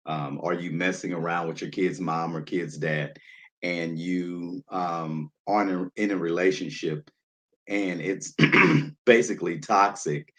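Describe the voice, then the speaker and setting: Deep-voiced guy hosting a laid back live chat, lots of ums, says hi to viewers by name. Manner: relaxed, greets chat viewers by name, many fillers. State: nervous, jittery. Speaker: livestream host.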